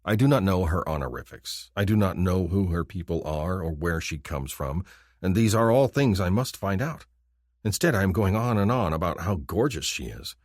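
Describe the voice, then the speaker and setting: An audiobook narrator reads a first-person romance novel in a deep voice whose pitch ranges widely and lively. His delivery is expressive and intimate, at normal speed, captured on a dry, close mic with no echo.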